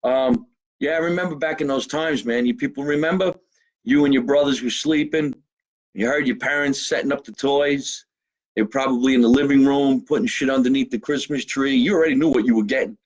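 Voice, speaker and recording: A man's voice: mid-range voice, a little fast, rough recording. A middle-aged man with a New Jersey accent, a comedian hosting a loose, profane live stream from his home basement and joking with viewers. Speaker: comedian host. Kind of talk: casual live-stream chat.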